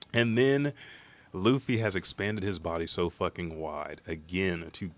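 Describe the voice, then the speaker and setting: A man hosting a live comic reaction stream, talking in a rambling, profane, excitable way. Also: deep voice, moderate pace.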